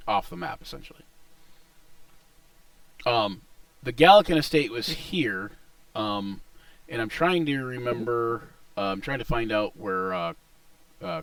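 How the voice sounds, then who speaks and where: A man's voice: medium pitch, lively intonation, normal speed, vocal fry, fairly bright tone, clear, resonant tone, no echo, recorded from a distance. A man running a tabletop game as game master, rambling and hesitant. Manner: rambling, hesitant, unsure asides.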